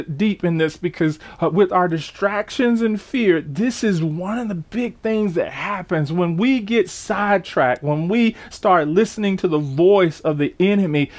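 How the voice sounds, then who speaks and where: A man preaching a sermon, repeating key phrases, calling out for amens and hallelujahs and acting out scripture scenes with halting restarts. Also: high voice.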